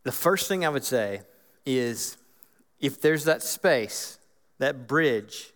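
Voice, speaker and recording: A man giving an earnest, animated teaching talk about Bible reading, acting out inner voices as he goes. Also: medium pitch, slow. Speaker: guest speaker on Scripture. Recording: long hall reverb.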